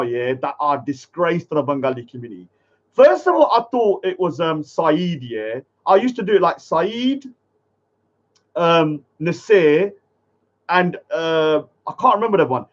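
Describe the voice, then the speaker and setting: A man's voice: on the high side, big pitch swings, a little slow. A man, ranting heatedly as an online commentator, tagging his lines with "yeah". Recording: muffled lo-fi audio.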